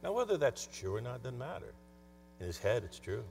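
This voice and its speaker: A man's voice: medium pitch, sing-song, brisk, gravelly, darkish tone, faint music behind. A man speaking as a conference speaker and coach, telling stories in a conversational motivational talk. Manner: conversational storytelling. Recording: long hall reverb, faint mains hum.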